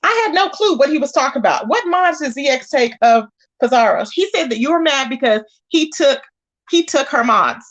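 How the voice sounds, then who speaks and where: A woman, hosting a live stream, commenting casually in an animated and exasperated way as she acts out quoted lines. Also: high voice, normal speed, low-quality recording.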